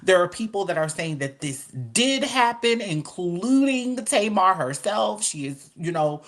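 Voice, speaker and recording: A woman's voice: fairly low pitch, big pitch swings. A woman hosting a casual chat, speaking thoughtfully and putting questions to her viewers. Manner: slow, thoughtful, asks the audience. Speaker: host.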